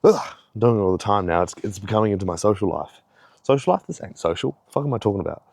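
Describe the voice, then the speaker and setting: A man's voice: lowish voice, lively intonation, quick pace, gravelly, a little mellow, slightly rough, no room sound. A young man giving a rambling, heavily profane pep talk in a casual vlog, a little out of breath. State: slightly out of breath. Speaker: fitness vlogger.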